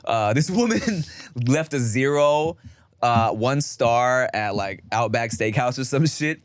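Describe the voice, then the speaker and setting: A man's voice: medium pitch, expressive, takes it slowly, clean tone, no room sound. A man hosting a podcast, laid-back and laughing, talking in slangy casual chat. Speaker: podcast host.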